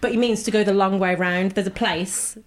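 A woman leads a loose, laughing chat, testing her friends on local slang. Her pitch sits in a middle range, and a faint hiss runs underneath. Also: fairly even intonation, a little fast. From Birmingham, England. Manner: playful quizzing, laughs often. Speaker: podcast co-host. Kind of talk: casual chat.

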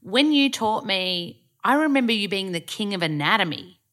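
An Australian woman hosting a podcast, chatting casually and telling stories in an animated way. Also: medium pitch, moderate pace. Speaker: podcast host. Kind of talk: casual interview chat.

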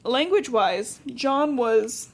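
A woman from Cincinnati co-hosting a podcast, casually recapping a book with lively, profane asides. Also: a little high, slow pace. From Cincinnati, USA. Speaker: podcast co-host.

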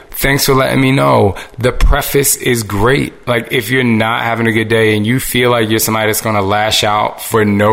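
A man talking in a casual, earnest monologue to his listeners, animated and full of restarts. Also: mid-range voice, creaky.

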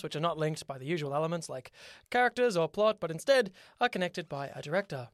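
Jokey guy cohosting a podcast, kinda high voice, dry close sound. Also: animated, dry recording. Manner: playful, jokey, quick interjections. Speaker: podcast co-host. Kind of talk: casual podcast chat.

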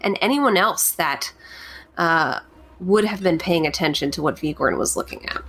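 A woman narrating as game master of a tabletop game, often pausing with fillers as she searches for words. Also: on the low side, a bit bright. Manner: hesitant, many fillers.

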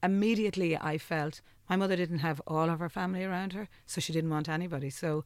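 A woman's voice: on the low side, fast talker, dry recording. An Irish woman in casual conversation, telling a personal story and acting out the dialogue, emotional and close to tears. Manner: animated storyteller who acts out quoted dialogue.

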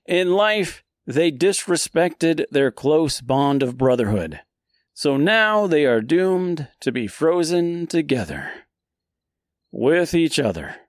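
A man hosting a podcast, retelling a classic poem in a casual, jokey way and dropping into quick silly voices for the characters. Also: fairly high pitch, no echo, clean studio sound. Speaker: podcast host.

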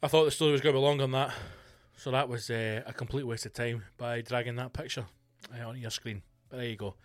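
A man hosting his own podcast, ranting in a profane, animated, mocking way and reading out news with sarcastic asides. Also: mid-range voice, quick pace, no echo. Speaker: podcast host. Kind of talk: solo comedic rant. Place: home studio bunker.

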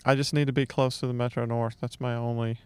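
A man's voice: medium pitch, level tone, quick pace, clean tone. A young man, a stand-up comedian, chatting casually with a friend, easygoing and swearing a lot. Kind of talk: casual chat.

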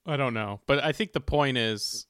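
A man hosting a comedy podcast, talking in a loose, rambling way with many fillers and pauses. His voice sits at an average pitch for a man and is recorded close and dry. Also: a bit bright, clean tone, dry recording. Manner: rambling, filler-heavy, laughing. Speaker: podcast co-host. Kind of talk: casual comedic chat.

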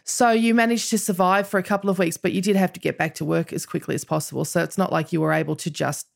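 A woman's voice: on the low side, steady tone, fast talker, gravelly. A woman interviewing a guest, asking leading questions and adding reflective asides of her own. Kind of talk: conversational interview.

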